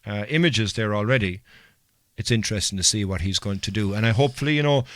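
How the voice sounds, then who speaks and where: A man's voice: on the low side, fast talker, fairly bright tone, no echo, studio quality. A man hosting a podcast in casual, rambling chat. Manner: rambling, filler-heavy, chatty. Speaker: podcast host.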